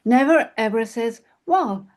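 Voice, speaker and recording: Slow, expressive woman storyteller. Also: on the high side. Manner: slow, expressive, with soft sighs and hushed passages. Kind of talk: oral fairy-tale storytelling.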